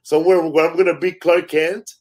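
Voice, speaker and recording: A little high, a little fast, and edged with breath, this male comic's voice carries his casual storytelling. He performs the dialogue animatedly and doesn't hold back on swearing.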